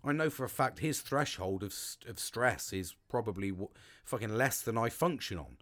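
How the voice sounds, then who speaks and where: A man's voice: lowish voice, lively intonation, normal speed, a bit bright. A middle-aged man, hosting his own podcast from his home cabin. He swears a lot and rambles with many restarts. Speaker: podcast host. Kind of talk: casual solo podcast monologue. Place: home log cabin studio.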